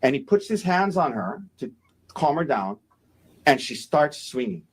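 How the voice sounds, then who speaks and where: A man's voice: on the high side, big pitch swings, unhurried, breathy edge. A man, a defense attorney, giving a courtroom opening statement, emphatic and repeating key phrases for effect.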